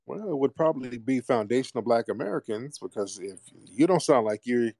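A man's voice: medium pitch, expressive, brisk, gravelly, warm tone, dry recording, clean studio sound. A man hosting a call-in radio show, questioning a caller in a teasing, mocking way.

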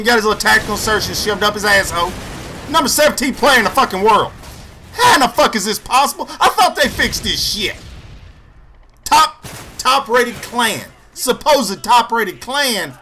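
A man's voice: high-pitched, sharp tone, slight background noise. A young man giving angry, profane, sarcastic commentary over gameplay footage as a channel host.

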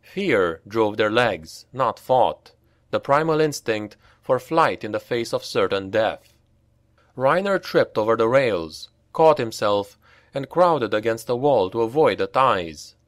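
A man narrating a dark fantasy audiobook in a grave, unhurried storytelling voice, on a close mic. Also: medium pitch, animated, no room sound. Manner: unhurried, grave storytelling that lifts for shouted dialogue.

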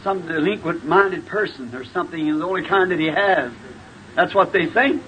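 High-voiced fervent man preaching. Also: moderate pace. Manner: fervent, emphatic, bursts into shouts. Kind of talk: sermon. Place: church before a responding congregation. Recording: dull old tape with faint hiss.

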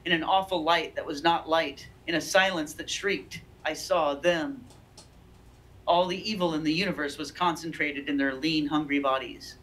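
A woman's voice: deep voice, steady tone, normal speed, a bit bright, rough recording. A woman reading aloud the lines of a frantic, haunted man who is terrified of unseen horrors, voiced close to her own natural voice.

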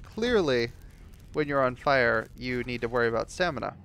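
A man's voice: medium pitch, animated, normal speed, fairly bright tone, clear, resonant tone. A young man giving casual commentary while playing a game, ranting and swearing when things go wrong. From United States. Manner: frustrated ranting, heavy swearing. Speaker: gameplay commentator.

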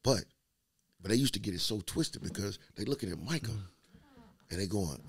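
A man in casual chat, telling lively stories, acting out the quotes and laughing often. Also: on the low side, normal speed, long pauses. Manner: animated storyteller, acts out quotes, laughs often. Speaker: podcast guest telling stories.

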